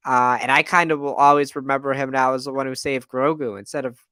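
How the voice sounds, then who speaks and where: A man's voice: medium pitch, steady tone, fast talker, pushed and bright, no echo, studio quality. A man co-hosting a fan podcast in casual, enthusiastic chat with many fillers. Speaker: podcast co-host.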